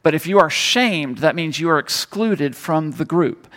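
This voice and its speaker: A man preaching a sermon, telling a story and moving between loud emphasis and hushed tones. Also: on the high side, expressive, a little slow. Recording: long hall reverb.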